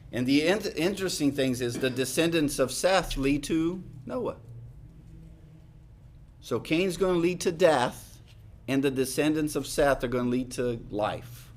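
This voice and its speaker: A middle-aged man preaching a sermon in a conversational way, repeating key lines for emphasis and dropping to quiet asides. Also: fairly high pitch, unhurried, slight background noise. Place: church hall.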